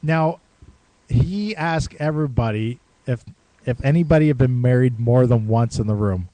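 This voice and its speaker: A man's voice: medium pitch, normal speed, warm tone, dry recording. A man co-hosting a podcast, telling a long casual story with swearing and quoted lines. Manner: rambling, swears and laughs, acts out quotes. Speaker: podcast co-host.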